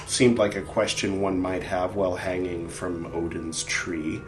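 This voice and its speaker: Low-voiced man musing over his notes. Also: flat delivery, a little slow, few pauses. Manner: thoughtful, hesitant, with many fillers. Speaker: show editor and co-host. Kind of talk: casual chat, going over notes. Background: faint background music.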